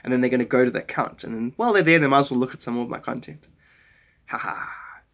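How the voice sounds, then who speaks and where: A man's voice: medium pitch, racing, a bit bright. A South African man hosting a casual live stream, greeting people by name as they drop in. He wanders from thought to thought, musing aloud in a loose, rambling way.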